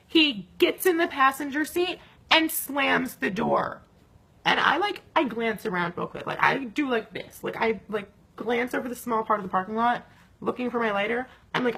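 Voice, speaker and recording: Husky young woman telling a story. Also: on the high side. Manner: animated, swearing, many fillers. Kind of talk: casual storytime vlog.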